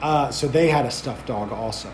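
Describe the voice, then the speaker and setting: A man hosting a podcast, telling a story in a casual, rambling way full of fillers and swearing, getting animated when he recounts what people said. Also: medium pitch, normal speed, background noise. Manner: rambling, filler-heavy, profane. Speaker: podcast host.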